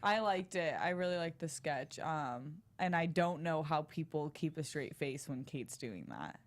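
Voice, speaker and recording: A woman's voice: low voice, expressive, unhurried. A woman co-hosting a TV review show, talking about sketches in an upbeat, enthusiastic way. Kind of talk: casual review chat.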